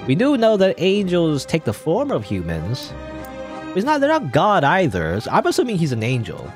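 Guy playing a game and thinking out loud, lively up-and-down voice, soft music behind. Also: a little high, normal speed. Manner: musing, unsure, joking asides. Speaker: let's play gamer. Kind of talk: casual gameplay commentary.

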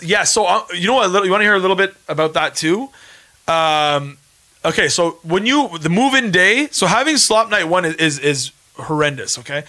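A Canadian man in his thirties chats casually on a livestream podcast, repeating himself as he insists on his points. His voice is bright and forward, pitched a little high for a man. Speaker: podcast host and former reality show contestant. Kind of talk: casual livestream chat reading viewer comments.

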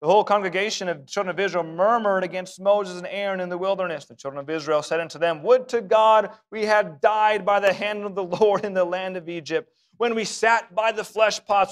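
A man preaching a sermon in a church, emphatic and given to repeating phrases for effect. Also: sits high. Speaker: pastor.

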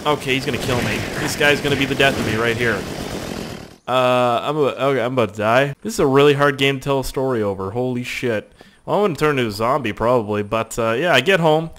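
A young Canadian man, a gaming YouTuber with a sore throat, rambles through casual let's-play commentary on a survival game. His voice sits at medium pitch and moves at a normal speed, full of profanity and excitable outbursts.

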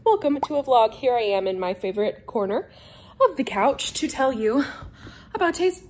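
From her living room couch, a young adult woman vlogger chats casually to camera, rambling and a little scattered as she shares house updates. Her voice is a little high and a little mellow, very animated, a little slow, with frequent pauses and slight background noise.

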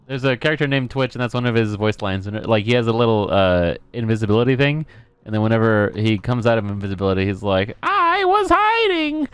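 A man's voice: fairly low pitch, fast talker, clean tone, dry recording. A man hosting a gaming channel, chatting casually during a game, joking and swearing. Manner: joking, swearing, laughs often. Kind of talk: casual gameplay chat.

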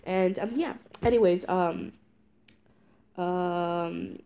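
A woman's voice: fairly low pitch, extremely slow, warm tone. A congested teenage girl talks straight to her viewers, sick and stuffy but still fired up. She rambles through her complaints with lots of ums, likes and restarts. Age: teens. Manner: rambling, with many fillers and restarts; indignant ranting. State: congested from a cold. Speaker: vlogger. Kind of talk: casual talking-head review.

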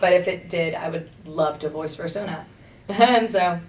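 A woman from Texas with a Texan accent, chatting in an animated, casual way as a voice actor being interviewed at a convention. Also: lowish voice, measured pace. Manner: chatty, animated, laughs often. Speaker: voice actor guest. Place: busy convention venue. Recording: echoey room, far from the mic, faint noise.

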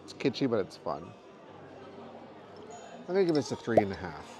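Male travel vlogger, low voice, easygoing chatty reviewer, background music. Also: moderate pace. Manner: chatty, relaxed food reviewing. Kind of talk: casual vlog chat. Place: theme park restaurant, then hotel.

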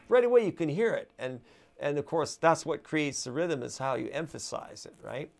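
Casual guitar teacher counting beats. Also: male voice, on the high side, animated, fairly quick, gravelly. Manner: counts beats aloud while strumming, chatty with fillers. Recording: guitar playing loud behind voice. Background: acoustic guitar strumming.

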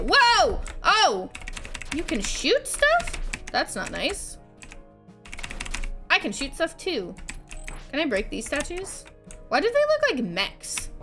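A woman live-streaming a video game, chatting casually, giggling and thanking her viewers. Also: sits high. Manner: giggly, animated, talks to herself and thanks chat.

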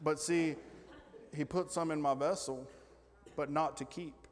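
A male pastor preaching a lively sermon. He shifts from loud, excited bragging about God to quiet, joking asides with the congregation. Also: on the high side, unhurried. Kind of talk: energetic sermon. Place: church sanctuary. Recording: long church reverb.

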